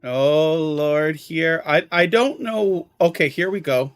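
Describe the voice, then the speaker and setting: A man's voice: fairly high pitch, slow, clear, resonant tone, no echo. A man live-streaming a video game, chatting casually with viewers, exclaiming at the graphics and apologizing for hiccups.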